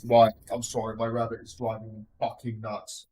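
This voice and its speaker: A man's voice: fairly low pitch, monotone, moderate pace, warm tone, a little hiss or hum. A man giving casual, joking commentary while playing a video game, swearing freely. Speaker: let's play gamer.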